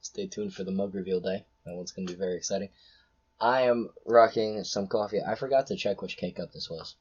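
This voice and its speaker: A man's voice: deep voice, steady tone, a little fast, breathy edge, muffled recording. A young man hosting a casual podcast chat, rambling and jokey with lots of fillers, over a call. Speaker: podcast host.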